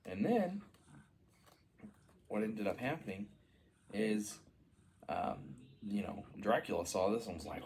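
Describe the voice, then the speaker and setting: A man's voice: on the low side, sing-song, measured pace, long pauses, darkish tone. Rambling man making up a kids' story. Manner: rambling, full of "you know" and "uh". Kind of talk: improvised children's story narration.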